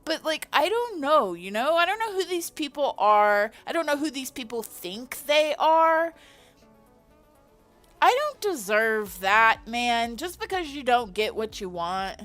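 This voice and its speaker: Woman, fairly high voice, profane exasperated venting, livestream chat, faint music behind. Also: big pitch swings, a little slow, fairly bright tone. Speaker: livestreamer and virtual designer.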